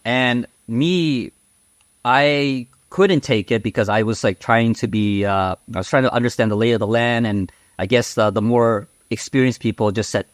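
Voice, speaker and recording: A mid-range male voice at normal speed belongs to a podcast guest who tells stories conversationally. He's candid and outspoken, meandering with fillers and tag questions, and there is no echo.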